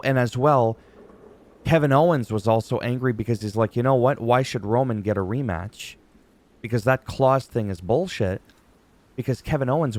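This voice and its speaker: A man giving a casual, chatty wrestling recap, animated and quick to act out quoted lines. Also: medium pitch.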